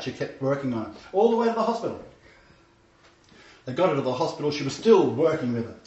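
In a sermon, a man speaks fast and animatedly at a medium pitch with a darkish tone, earnestly telling stories and repeating key phrases for emphasis. The recording is dull and lo-fi, captured by a distant mic in an echoey room.

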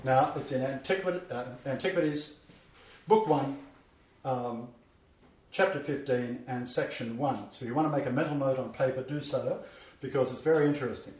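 A man's voice: medium pitch, normal speed, darkish tone. A man giving a Bible lecture who reads scripture aloud and breaks off to make emphatic comments. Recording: echoey, distant, dull-sounding room.

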